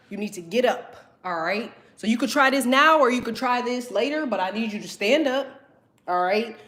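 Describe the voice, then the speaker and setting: A woman's voice: on the high side, animated, normal speed, a bit bright. A young woman, teaching a tarot class and talking bluntly with constant cursing. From Southern United States. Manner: blunt, heavy cursing, emphatic. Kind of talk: profane motivational talk to viewers.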